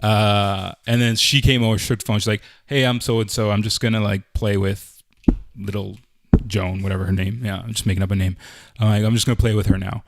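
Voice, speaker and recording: On a laid-back podcast, a Canadian man co-hosting the show rambles through a story full of "like" and "I'm like." His voice is lowish and level, and he talks a little fast.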